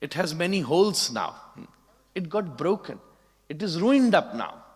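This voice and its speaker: A man's voice: a little high, big pitch swings, unhurried, breathy edge, exaggerated voice. A man doing a meek apologetic devotee. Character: humble ordinary male devotee, apologetic. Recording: long hall reverb.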